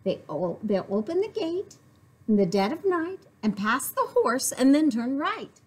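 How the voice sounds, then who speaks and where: A woman voicing a small, brave female ladybug who warns the farm animals in a hushed, careful, step-by-step way. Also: high voice, big pitch swings, measured pace, husky, voice pushed up, full character voice. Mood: urgent.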